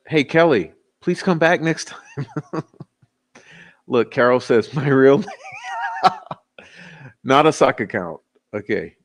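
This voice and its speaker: A man hosting a livestream, casually joking with his chat and laughing often, a little tipsy. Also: mid-range voice. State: tipsy, giggly. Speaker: livestream host. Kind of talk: casual live chat sign-off.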